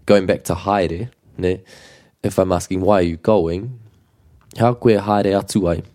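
Deep, mellow-voiced New Zealand man as a patient language teacher who repeats phrases slowly. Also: fairly even intonation. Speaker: te reo Māori teacher. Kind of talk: relaxed language lesson.

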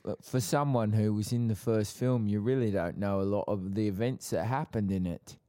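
Deep-voiced young man, dry teasing banter. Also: steady tone, moderate pace, dark tone, dry recording. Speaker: podcast co-host. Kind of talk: casual chat.

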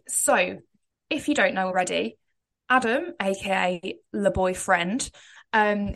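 A woman, co-hosting a podcast in a rambling, chatty way and laughing often. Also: mid-range voice. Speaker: podcast co-host. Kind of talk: casual chat.

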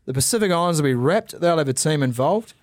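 A man co-hosting a casual sports podcast, talking in an animated, ranting, sarcastic way. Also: fairly high pitch, fast talker, no echo, clean studio sound. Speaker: podcast co-host. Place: podcast studio.

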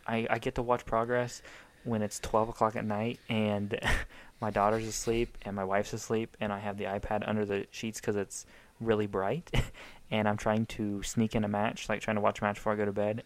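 A young American man chats loosely on a podcast, his voice sitting low with a gravelly edge. He rambles, swears freely and jokes with his co-host. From United States. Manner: rambling, profane, joking. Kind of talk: casual chat.

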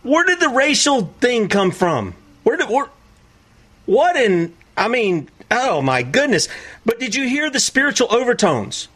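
A man with a very high-pitched voice preaches commentary over played clips at a measured pace. He sounds incredulous and animated, often acting out other people's voices.

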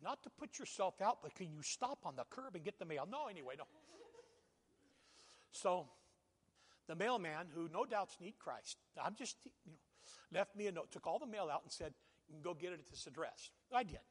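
A man preaching a sermon as pastor, with loud swells on scripture and quieter conversational asides. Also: high-pitched, lively intonation, moderate pace, breathy edge. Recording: long reverb of a church hall.

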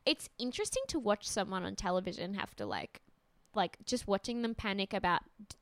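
A woman's voice: medium pitch, lively intonation, a little fast, a bit bright, no echo. A woman co-hosting a podcast, recapping a TV show in casual chat, laughing often and talking loosely with lots of fillers.

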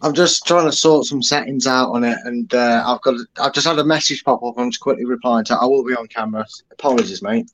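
A man's voice: mid-range voice, fast talker, few pauses, a bit bright, rough recording. A man co-hosting a football podcast over a video call, bantering with jokes at his own expense. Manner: joking, self-deprecating banter. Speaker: podcast co-host. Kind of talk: casual chat.

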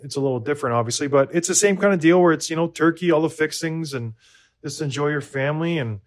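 A man's voice: on the high side, fast. A man in his thirties from the United States, co-hosting a podcast in casual chat, rambling and self-deprecating with many restarts. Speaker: podcast co-host.

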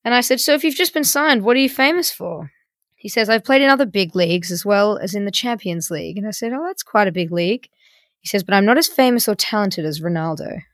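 A chatty young woman hosts a casual podcast and tells her story with wry humour. She reads messages aloud in a mock-dramatic voice, at a middling pitch. The sound is close and dry, with no room around her. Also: expressive, fast talker, no echo. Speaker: podcast host.

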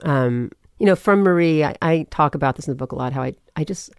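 A woman's voice: sits low, fast talker, clean tone, no echo, studio quality. A woman from California, a podcast guest, telling a personal story in casual talk and acting out what people said. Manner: animated storyteller, quotes people in voices.

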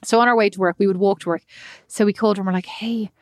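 Animated woman telling anecdotes. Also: mid-range voice, rapid-fire, no room sound, studio quality. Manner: animated anecdotes, laughing often, acting out quotes. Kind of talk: casual storytelling chat.

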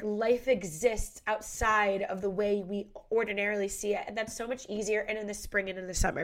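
A woman's voice: medium pitch, fairly bright tone. Congested young woman podcast host. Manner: bubbly, gushing, heavy use of "like". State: congested from a head cold. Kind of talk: casual chat.

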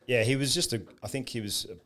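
A man's voice: medium pitch, fast talker, fairly bright tone. A man with an Australian accent in casual chat, easygoing and chuckling as he recalls his playing career. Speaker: former professional footballer.

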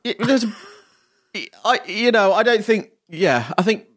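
Animated man in casual chat. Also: high-pitched, unhurried. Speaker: podcast co-host.

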